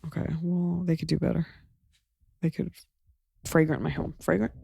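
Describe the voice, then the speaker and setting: A woman from Texas hosting a podcast, chatting casually and breaking into high voices to act out quotes. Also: moderate pace, vocal fry, slightly rough, dry recording. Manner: animated storyteller, jumps into high voices for quotes. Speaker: podcast host. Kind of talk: casual chat.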